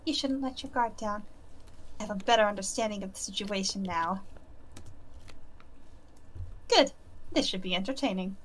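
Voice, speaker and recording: A woman's voice: mid-range voice, normal speed, pauses often, natural voice. A woman reading the lines of a stern woman hunter who leads a trial in a visual novel, speaking formally and with authority. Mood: cool. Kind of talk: reading game dialogue aloud.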